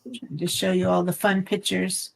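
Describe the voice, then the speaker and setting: A woman's voice: level tone, normal speed, creaky, rough recording. A woman hosting a casual craft live stream from home, chatty and friendly. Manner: chatty, breaks into high baby talk with her dog. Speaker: craft channel host.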